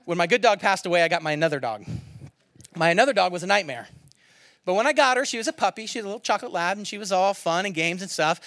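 Pastor, male, thirties, high and dry close-miked voice, animated sermon storytelling with big loud-to-soft swings. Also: fast talker, dry recording.

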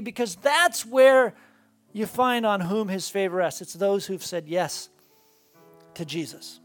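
A woman's voice: medium pitch, slow, soft background music. A woman pastor preaching a sermon to a congregation in a church, earnest and building with rhythmic repetition. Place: church sanctuary before a congregation.

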